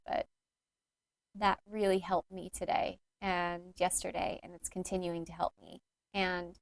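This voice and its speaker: A woman's voice: lowish voice, dry recording. A woman hosting her own podcast as a yoga teacher, talking in an earnest, intimate and rambling way with many fillers. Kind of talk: reflective solo podcast talk.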